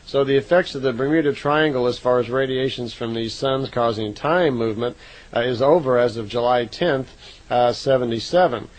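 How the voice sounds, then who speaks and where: A man talks through a long account in a relaxed, unscripted way. He pauses on fillers and corrects himself as he goes. His voice sits at an ordinary middle pitch for a man. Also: rough recording. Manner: unhurried, conversational, frequent "uh" fillers and self-corrections. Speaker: narrator recounting contact reports. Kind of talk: casual spoken retelling.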